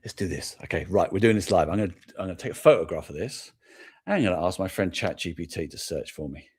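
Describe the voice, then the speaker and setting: A middle-aged Englishman hosts a toy podcast as a loose, rambling live-stream chat, thinking aloud and amused at himself. His low voice is husky and a little mellow, delivered fast with lively intonation.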